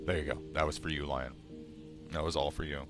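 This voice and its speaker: A young man streaming, ranting loudly and sarcastically with constant swearing. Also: rumbling low, fairly even intonation, a little fast, music in the background. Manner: loud, sarcastic, swearing freely. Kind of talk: casual profane stream rant.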